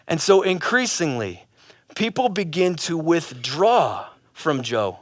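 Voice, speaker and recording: A male pastor preaching a sermon, telling a comic parable in an animated, casual way with bits of slang. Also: high-pitched, unhurried, no room sound, studio quality.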